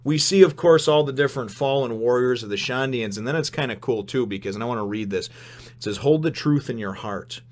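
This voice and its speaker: Male host for a casual comic review: rambling, excitable delivery that chuckles a lot, mid-range voice. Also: medium pitch, a little fast. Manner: rambling and excitable, chuckles often, many restarts.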